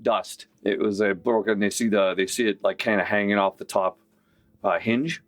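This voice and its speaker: A man narrating as game master in a relaxed manner, with many fillers. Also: on the low side, moderate pace.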